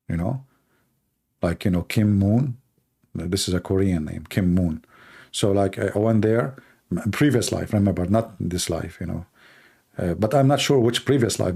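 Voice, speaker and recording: Gravelly-voiced man joking on a live stream. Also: on the low side, dark tone. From Middle East. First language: Arabic. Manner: rambling, joking, reacting to chat. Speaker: live show host. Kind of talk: casual live-stream chat.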